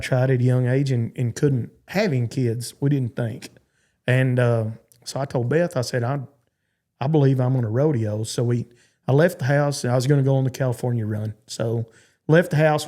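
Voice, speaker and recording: A Texan man in his forties, a cowboy appearing as a podcast guest, tells rambling stories in an interview, stopping and starting with repeated restarts. His voice is medium-pitched and mellow.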